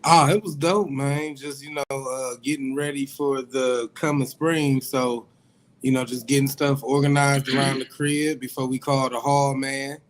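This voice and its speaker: A man with a Midwestern US accent, co-hosting a radio show and calmly explaining health habits in casual chat. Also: mid-range voice, measured pace, a little hiss or hum. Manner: easygoing, explains things steadily. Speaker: co-host.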